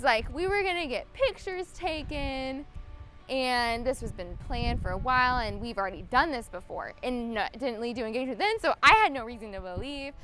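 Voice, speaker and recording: A woman's voice: high-pitched, fairly bright tone. Bubbly young woman, giggling. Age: young adult. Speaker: bride-to-be. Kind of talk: wedding video interview.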